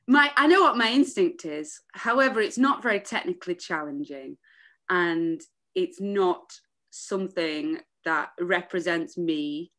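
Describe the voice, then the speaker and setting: A woman in her thirties from England, a musician chatting as a podcast guest, animated and laughing often. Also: lowish voice, measured pace. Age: 30s. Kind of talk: casual podcast chat.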